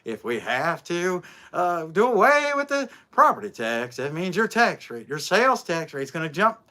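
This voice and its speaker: A man doing an impression of an older male state governor, in a slow, hesitant, folksy official drawl. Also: high voice, very animated, pitched below the performer's own voice, full character voice. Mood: solemn warning. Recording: loud outdoor noise behind.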